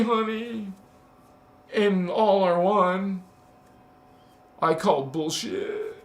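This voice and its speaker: A man's voice: high-pitched, takes it slowly, creaky, roomy sound. A man hosting a casual spiritual livestream, teasing and emphatic, laughing often as he talks to viewers.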